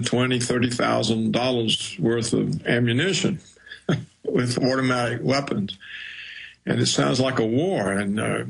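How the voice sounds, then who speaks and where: An older man, a guest speaking over a video call, slow and hesitant with many fillers. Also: mid-range voice, gravelly, husky, low-quality recording.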